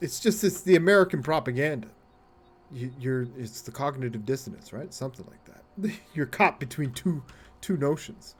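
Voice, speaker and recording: A man's voice: mid-range voice, lively intonation, moderate pace, husky. A man chatting casually while live-streaming a game, rambling, swearing freely and laughing often as he talks to his viewers.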